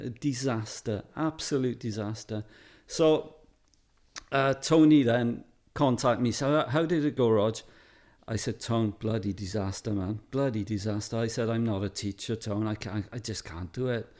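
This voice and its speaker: Middle-aged Welsh man, anecdotal interviewee, does quick impressions in his stories. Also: mid-range voice. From Wales. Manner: lively anecdotes, mimics others in quotes. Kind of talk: casual storytelling.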